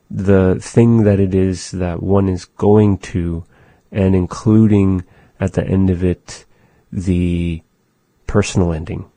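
Slow, deep-voiced man teaching a language. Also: dark tone, dry recording. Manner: thoughtful, halting, searching for words. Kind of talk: slow spoken language lesson.

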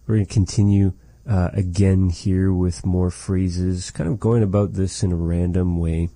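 A man teaching a language lesson, patiently saying phrases slowly and repeating them for practice. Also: deep voice, fairly even intonation, dark tone, no room sound.

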